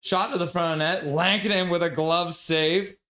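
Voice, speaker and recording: A man's voice: sits high, steady tone, normal speed, bright, forceful tone. A man giving live hockey play-by-play commentary for his stream audience, reading viewer chat aloud.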